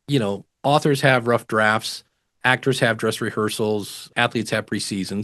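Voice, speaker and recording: A man talks casually as a guest on an interview show, handing out practical advice. He is animated and slips into little voices when he quotes other people. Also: mid-range voice. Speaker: podcasting guest expert.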